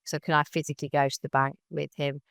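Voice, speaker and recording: A woman's voice: deep voice, fast talker, vocal fry, no echo, studio quality. A woman, a guest on a podcast recounting her story and acting out other people's lines as she goes. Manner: animated retelling that acts out other people's lines. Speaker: interview guest.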